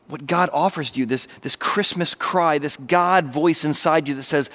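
A man preaching a sermon, animated, sometimes dropping to a soft, intimate voice. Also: fairly high pitch, normal speed, hardly any pauses. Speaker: pastor.

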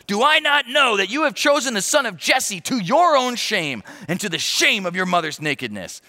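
A man voicing a furious, jealous older king, shouting accusations in a raised, strained voice. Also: sits high, big pitch swings, moderate pace, long reverb tail, voice pushed up, heavily acted.

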